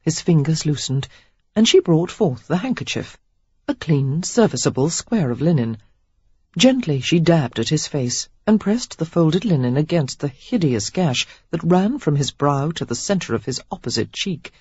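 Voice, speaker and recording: A woman narrating a romance audiobook in an expressive, steady storytelling manner. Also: low voice, moderate pace, husky, no echo, highs cut off. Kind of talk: scripted narration.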